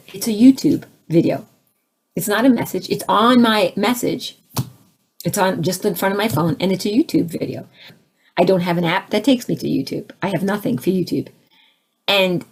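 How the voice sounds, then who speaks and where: A woman with a slightly husky, breathy voice tells a personal spiritual story in a casual, lively way. She imitates sounds and other voices as she goes, and often restarts her sentences. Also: medium pitch, moderate pace, long pauses. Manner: frequent restarts, laughs between phrases. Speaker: spiritual speaker.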